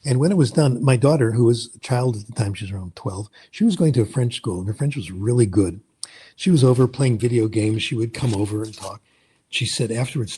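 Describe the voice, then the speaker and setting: Husky-voiced older man giving a lecture. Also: medium pitch, brisk, mellow. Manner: anecdotal, storytelling explanations. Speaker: conference presenter. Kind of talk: webinar lecture.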